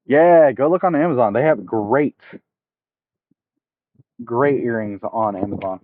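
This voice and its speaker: A man's voice: medium pitch, unhurried, no room sound. Man with a tinny headset sound. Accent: mild Southern US. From United States. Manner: relaxed, explains step by step, chats with viewers. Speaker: streamer. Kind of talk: casual fishing livestream tutorial. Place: outdoors at a park by water. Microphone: headset mic. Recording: tinny dry phone-like headset audio.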